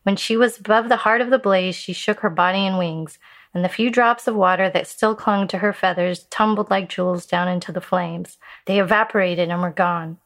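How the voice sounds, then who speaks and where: Woman telling a fable, measured. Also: mid-range voice, fairly even intonation, vocal fry, fairly bright tone. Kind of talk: storytelling a Buddhist fable.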